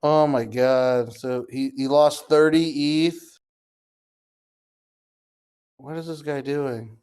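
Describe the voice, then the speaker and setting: A man's voice: mid-range voice, steady tone, takes it slowly, darkish tone, clean tone. A young man, talking casually as he clicks through wallets on a stream, incredulous and swearing, addressing viewers as guys. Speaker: crypto streamer. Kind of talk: live screen-share commentary.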